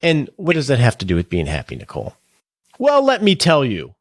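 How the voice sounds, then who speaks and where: Animated man hosting a podcast. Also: mid-range voice, fairly quick, no room sound, studio quality. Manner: jokey, conversational. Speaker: podcast host and financial planner. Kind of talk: casual podcast chat and explainer.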